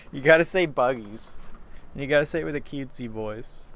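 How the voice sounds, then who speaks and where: A man's voice: medium pitch, lively intonation, unhurried, fairly bright tone. A man talking in a rambling solo monologue, meandering and profane, with frequent laughs and restarts.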